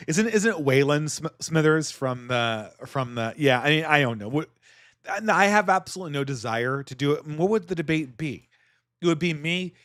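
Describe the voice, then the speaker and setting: A man's voice: on the high side, lively intonation, fairly bright tone, no room sound, studio quality. Sardonic man hosting a livestream. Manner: sardonic, halting with restarts. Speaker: livestream host. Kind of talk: casual livestream chat reading donations.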